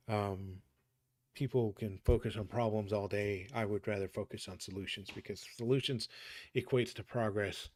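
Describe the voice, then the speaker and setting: A man's voice: lowish voice, a little mellow. A middle-aged man signing off his game stream in a casual, upbeat way, rambling with many fillers and restarts.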